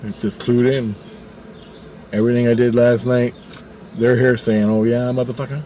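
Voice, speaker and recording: A man with a medium-pitched voice tells a story a little slowly, with a slight hiss or hum in the recording. He is casual and animated, swearing often and laughing as he acts out what other people said.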